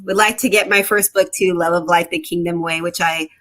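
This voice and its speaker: A woman's voice: on the low side, fairly quick. A woman poet and author speaking as an interview guest, telling stories with energy and acting out the voices in them. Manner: animated storyteller who acts out quoted voices. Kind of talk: conversational interview.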